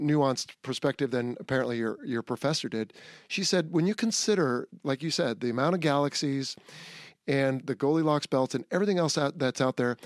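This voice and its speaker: A man's voice: on the high side, dry recording, clean studio sound. A middle-aged American man hosting a podcast interview, thoughtful and hedging, often correcting himself mid-thought. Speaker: podcast host. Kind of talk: conversational interview.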